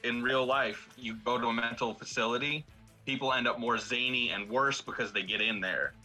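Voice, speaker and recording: A man's voice: mid-range voice, fairly even intonation, moderate pace, sharp tone, soft background music, low-quality recording. A man talking casually on a podcast panel about a film, rambling with many fillers and restarts.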